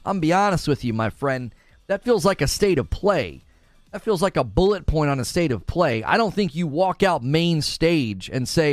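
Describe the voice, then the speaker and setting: A man's voice: fairly high pitch, lively intonation, unhurried, no room sound. A man hosting a gaming livestream, reacting to chat in an emphatic, casual way with slangy asides.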